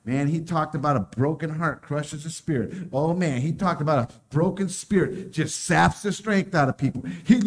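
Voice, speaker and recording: A man preaching a casual sermon, joking and laughing often as he talks. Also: high-pitched.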